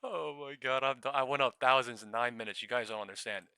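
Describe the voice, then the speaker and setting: A young man hosts a live day-trading stream on a new studio mic, his mid-range voice bright, ringing, and very forceful. He speaks in crisp, clean tones, swears a lot, and swings between shouting, laughter, and quick market calls. The recording is dry and close, with no room sound.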